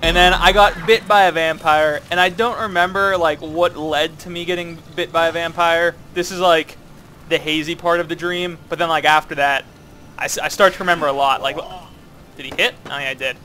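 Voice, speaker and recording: A man's voice: on the high side, steady tone, normal speed, bright, forceful tone, a little hiss or hum. A man chatting casually while playing a co-op game, rambling playfully with lots of fillers. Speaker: co-op gameplay commentator. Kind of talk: casual gaming chat.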